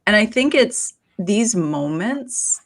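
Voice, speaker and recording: A woman's voice: mid-range voice, expressive, takes it slowly. A woman on a podcast making a reflective, persuasive point and often asking "right?". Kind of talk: casual podcast chat.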